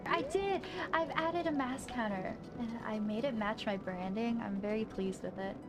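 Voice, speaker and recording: A young woman live-streaming a game, chatting casually with viewers in an excitable, self-deprecating way. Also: on the high side, normal speed. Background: game music.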